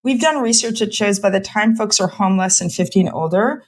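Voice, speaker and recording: A middle-aged woman physician and homelessness researcher speaks in a podcast interview in a brisk, medium-pitched voice. She talks impassioned, in long run-on bursts packed with "like" fillers.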